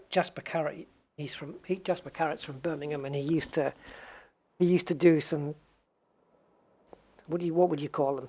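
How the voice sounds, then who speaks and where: A man with a gravelly, slightly husky voice that sits a little high, rambling through chat messages while he plays. He wanders off on tangents and teases himself as he answers viewers at his desk. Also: darkish tone. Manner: rambling and self-mocking, reads and answers chat. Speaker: gaming streamer. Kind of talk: casual live-stream chat.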